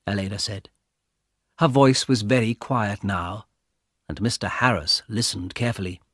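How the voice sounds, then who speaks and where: A man reading a story aloud in a clear, deliberate way for English learners. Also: fairly low pitch, a bit bright, dry recording, studio quality. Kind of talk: slow scripted story narration for English learners.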